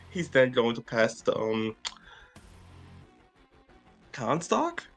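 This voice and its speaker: A man playing a tabletop game, hesitant with many fillers and quick to laugh. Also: mid-range voice, very animated, a bit bright, faint music behind. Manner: hesitant, many ums, giggly. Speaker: player. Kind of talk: casual tabletop play.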